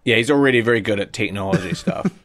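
A man co-hosting a comedy podcast, improvising silly ideas in a hesitant, deadpan way full of ums. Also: lowish voice, fast talker.

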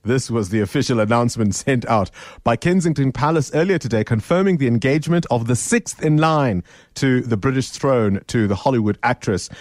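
A man hosts an afternoon radio show, talking in a relaxed, conversational way from a studio microphone. His voice sounds dry and close, with a middle pitch. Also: dry recording. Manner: conversational and relaxed, with easy restarts. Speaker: radio talk show host. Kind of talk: casual radio chat.

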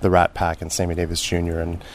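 A man from Texas, a chef, talking about his background in a friendly, relaxed way, with many fillers. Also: low-pitched, quick pace, a little hiss or hum. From Texas, United States. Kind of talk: casual interview. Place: restaurant.

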